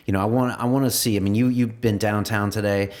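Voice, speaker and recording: A man's voice: lowish voice, steady tone, quick pace, a little mellow. A man hosting an interview, asking questions in a casual, conversational way. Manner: conversational, with many "you know" fillers. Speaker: podcast host.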